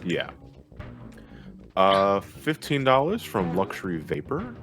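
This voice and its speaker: A man's voice: rumbling low, big pitch swings, normal speed, over music. A man hosting a gaming livestream, chatting casually and reading out donations with jokes and swearing. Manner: profane, joking and laughing often. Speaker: livestream host.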